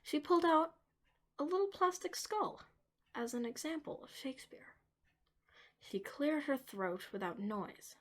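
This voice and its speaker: A woman narrating a dark story, moving between hushed whispers and emphatic lines. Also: high voice, expressive, a little slow.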